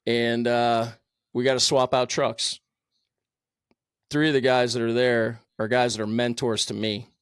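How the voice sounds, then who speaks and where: A man's voice: medium pitch, level tone, measured pace, smooth, no room sound, studio quality. A middle-aged man, a firefighter captain, telling his own story candidly in a blunt, profane way with plenty of fillers. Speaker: podcast guest, firefighter captain.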